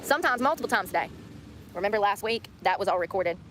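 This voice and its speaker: A woman's voice: medium pitch, animated, fast, a bit bright, a little hiss or hum. A woman livestreaming herself, ranting in an indignant way and repeating herself as she tells her story.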